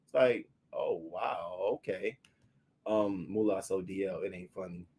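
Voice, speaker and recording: A man's voice: unhurried, breathy edge. A man reviewing a reality show in casual, profane commentary, answering viewers' comments and acting out what he would have said. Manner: animated, profane, talks back to viewers' comments; acts out quoted lines in a higher, louder voice.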